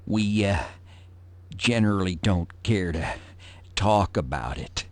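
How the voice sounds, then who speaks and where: An actor playing a sardonic male tavern regular in a video game, with a dry, deadpan delivery. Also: low-pitched, slow pace.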